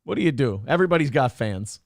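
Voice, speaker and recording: A man's voice: mid-range voice, quick pace, gravelly, dry recording, studio quality. A man hosting a morning show podcast, talking casually and mockingly about clips, with plenty of swearing. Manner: animated, profane, mocking. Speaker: podcast host.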